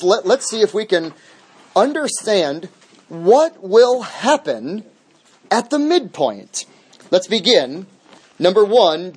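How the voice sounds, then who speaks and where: A man's voice: high-pitched, darkish tone. A man teaching a midweek Bible study as pastor, emphatic, restating key phrases over and over.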